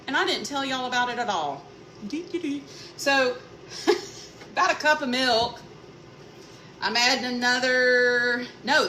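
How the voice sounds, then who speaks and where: A woman's voice: fairly high pitch, sharp tone. A woman, chatting casually with viewers while she cooks, telling stories and greeting people by name. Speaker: cooking vlogger. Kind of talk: casual live-stream chat while cooking. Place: home kitchen. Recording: noisy background.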